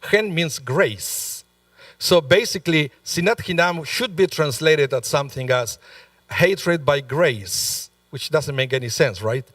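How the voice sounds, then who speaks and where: A man's voice: a little high, lively intonation, unhurried, fairly bright tone, no echo, far from the mic. A male rabbi delivering a sermon in a conversational, storytelling way, with frequent asides to the congregation. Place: synagogue sanctuary.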